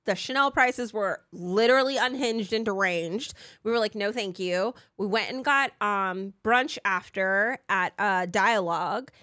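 A woman in her thirties chats on a podcast in a lively, candid way, peppering her stories with swearing and little impressions of the people she talks about. Her voice sits at an ordinary middle pitch. The sound is close and dry, with no room around it. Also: measured pace, hardly any pauses, dry recording. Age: 30s. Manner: animated, swears freely, acts out quoted people. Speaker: podcast co-host. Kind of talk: casual chat. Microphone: podcast mic.

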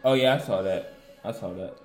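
A man's voice: lowish voice, fairly quick, a little mellow, roomy sound, faint music behind, rough recording. A young man in casual chat, laid-back and slangy, with an offhand way of talking.

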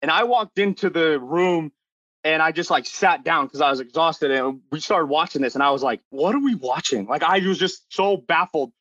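A man's voice: fairly high pitch, moderate pace, a bit bright, no room sound. A young man on a podcast panel, chatting casually and telling a rambling, amused story. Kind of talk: casual chat. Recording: dull lo-fi recording.

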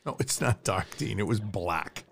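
Man, co-host, lively pitch, quick profane reactions. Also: creaky, husky. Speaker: podcast co-host. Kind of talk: casual chat.

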